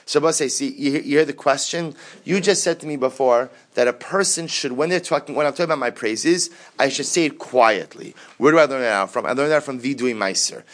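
A man's voice: medium pitch, brisk, a bit bright. A man teaching a Talmud study lesson who quotes a passage, translates it, and explains by repeating and rephrasing each point.

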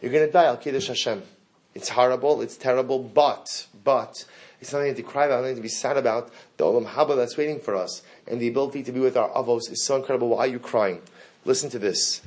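A man's voice: medium pitch, fast. A middle-aged man teaching a Torah class, leading listeners through a text, asking rhetorical questions and repeating key phrases for emphasis. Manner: emphatic, rises sharply when reading Hebrew and Aramaic aloud.

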